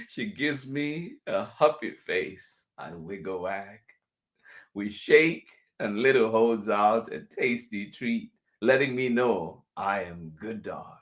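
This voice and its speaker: A man reading a picture book aloud for children, going over each passage twice in a gentle way and chuckling softly between lines. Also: lowish voice, lively intonation, slow. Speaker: children's storyteller.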